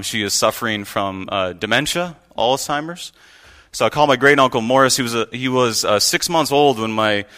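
Bright-voiced man preaching. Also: medium pitch. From United States. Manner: conversational, earnest storytelling with asides. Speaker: guest preacher. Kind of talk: sermon. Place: church pulpit.

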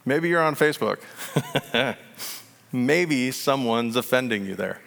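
Animated gravelly male preacher. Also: medium pitch, slow pace, in a large hall. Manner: animated, acts out quoted voices, laughs at own jokes. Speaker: pastor. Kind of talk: sermon.

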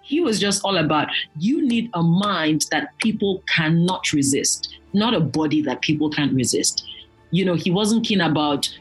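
A woman's voice: on the low side, normal speed, husky, soft background music, rough recording. A woman, a guest telling her story earnestly and in detail. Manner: earnest, animated when quoting others. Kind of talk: reflective storytelling.

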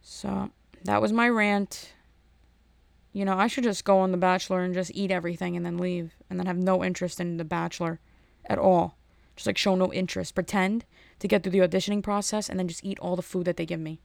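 A woman's voice: fairly low pitch, fairly quick, gravelly, no room sound. New woman on a sarcastic rant, voice jumping all over, dry close sound. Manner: animated, sarcastic, jumps between topics. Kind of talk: casual ranting monologue.

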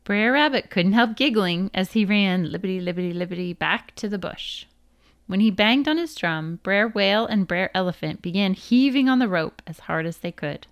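A woman narrating a folk tale as a storybook read-aloud, with a lively, expressive delivery. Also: medium pitch, normal speed.

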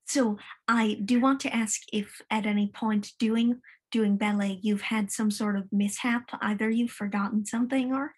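A woman's voice: mid-range voice, fairly even intonation, normal speed, few pauses, darkish tone, husky. A woman asking an interview question plainly.

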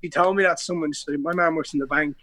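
Young Irish man, slightly high voice. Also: fairly even intonation, quick pace, sharp tone, no room sound. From Ireland. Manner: rambling storytelling with many restarts and slang. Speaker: guest, pro MMA fighter. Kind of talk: casual podcast interview.

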